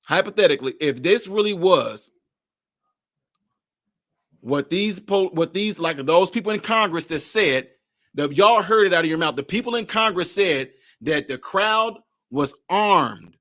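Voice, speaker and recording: A man's voice: high voice, expressive, measured pace, a bit bright. A man giving casual, sarcastic reaction commentary, repeating himself and exclaiming. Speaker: political commentary host.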